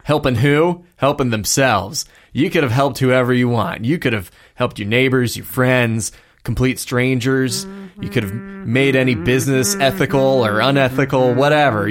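A man's voice: medium pitch, moderate pace, natural voice. A man voicing a defiant male hero delivering an impassioned, scolding speech in his own everyday voice.

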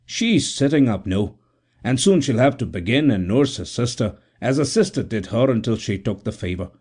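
A man voicing a rough, good-natured doctor in a storybook reading. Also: medium pitch, expressive, normal speed, darkish tone. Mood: gruff kindly. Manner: rough and kindly. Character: gruff good-natured Scottish town doctor.

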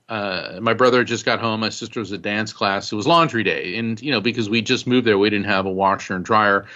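A man, an author and guest, telling stories in a casual, animated way, often saying "you know" and laughing as he goes. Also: lowish voice, lo-fi sound. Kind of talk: casual storytelling in conversation.

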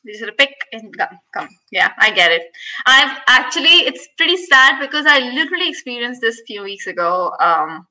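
A woman's voice: fairly high pitch, big pitch swings, moderate pace, sharp tone, poor audio. A woman co-hosting a casual chat, candid and rambling, laughing often.

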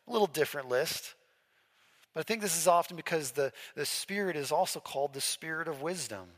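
Guy pastor preaching, kinda high bright voice, chatty, lots of "right?", echoey church hall. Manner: conversational, asks the congregation questions. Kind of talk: sermon. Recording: echoey hall with long reverb.

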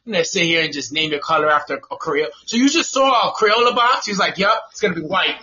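A man hosting a casual podcast, ranting loudly and profanely with lots of laughter and repetition. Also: fairly high pitch, big pitch swings, fast. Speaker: podcast host. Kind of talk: casual comedic rant. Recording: dull lo-fi sound with noise.

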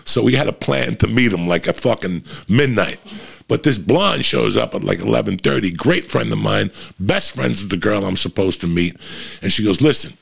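A man telling a profanity-heavy story in casual talk, jumping up in pitch for emphasis. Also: normal speed. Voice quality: gravelly and husky. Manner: animated, swears constantly, jumps in pitch for emphasis.

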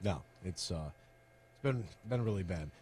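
A man's voice: low voice, animated, a little mellow, a little hiss or hum. A man co-hosting a sports talk show, riffing in an opinionated, joking way. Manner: opinionated, joking, rapid-fire riffs. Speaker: sports radio co-host.

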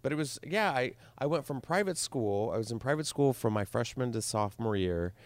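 Young man, casual storyteller, acts out voices, very lively pitch, dry close sound. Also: brisk, no room sound. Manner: animated, acts out voices in his stories.

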